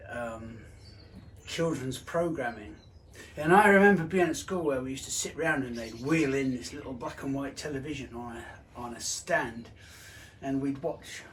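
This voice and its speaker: A man's voice: mid-range voice, a little hiss or hum, low-quality recording. A man in his sixties from Britain, a gardener talking casually in his own garden vlog, rambling and hesitant with lots of restarts and side stories. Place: outdoors in a garden.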